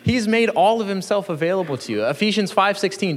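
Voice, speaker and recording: A man delivers a sermon in a relaxed, earnest, conversational manner, with a somewhat raised voice. His words ring out with a long reverb through a large room. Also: high-pitched, brisk. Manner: earnest, conversational, chuckles between points. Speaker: pastor.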